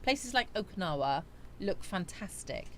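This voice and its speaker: A woman's voice: medium pitch, very animated, unhurried, a little hiss or hum. A woman hosting a casual live chat stream. She talks in a chatty way, reading out viewer comments and answering them, and she laughs at her own jokes.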